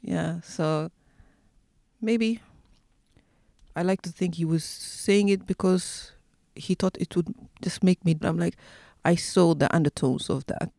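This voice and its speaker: A woman's voice: on the low side, slow, vocal fry, warm tone, dry recording, studio quality. A woman telling personal stories in an interview, hesitant, with many fillers and restarts. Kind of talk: personal storytelling.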